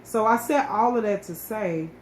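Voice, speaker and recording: A woman's voice: medium pitch, moderate pace. A woman telling a personal story in a casual, emotional way, often restarting and repeating words. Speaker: co-host sharing her story. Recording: echoey room with faint ambient noise.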